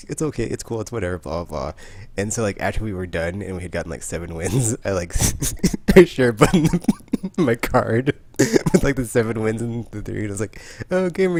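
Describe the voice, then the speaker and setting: A man hosting a podcast tells rambling stories in casual chat, leaning heavily on fillers. His voice is fairly low in pitch and a little mellow.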